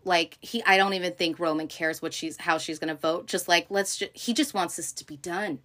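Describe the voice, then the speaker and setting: A woman hosting a casual recap, talking in an animated, profane way with many fillers and acted-out quotes. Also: lowish voice, normal speed. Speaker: podcast host recapping a TV show. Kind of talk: casual chat.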